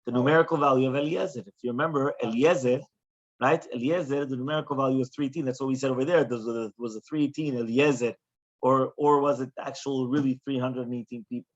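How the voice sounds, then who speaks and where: A man, a rabbi, teaching a Talmud class in an animated way, often checking in with questions. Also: medium pitch, fast talker. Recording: dull lo-fi recording.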